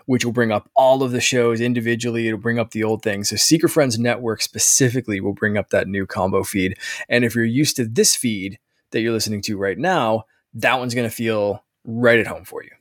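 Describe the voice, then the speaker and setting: A man's voice: mid-range voice, no room sound, studio quality. A man co-hosting a podcast who explains things casually, often restarting his sentences. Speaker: podcast co-host.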